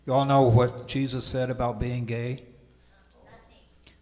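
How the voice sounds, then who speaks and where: A man's voice: medium pitch, flat delivery, unhurried, a little mellow, long reverb tail. A church musician, a man, chatting casually and joking between songs. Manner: joking, offhand.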